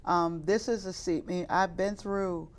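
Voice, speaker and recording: A woman's voice: on the low side, steady tone, measured pace. Woman, middle-aged, from Chicago, youth minister, interview guest, earnest, preacher's fervor. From west side of Chicago. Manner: earnest, rises into fervent preaching. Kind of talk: interview testimony.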